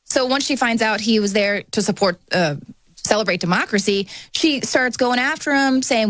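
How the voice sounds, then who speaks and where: A young adult woman co-hosting a political talk show, talking in an indignant, animated way. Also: fairly high pitch, normal speed, dry recording.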